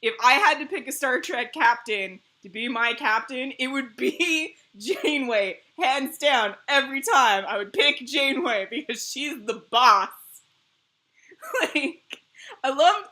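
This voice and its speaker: Bright, chatty woman streamer. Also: high voice, a little slow. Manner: animated, laughs often, rambling tangents. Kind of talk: casual chat. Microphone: streaming mic.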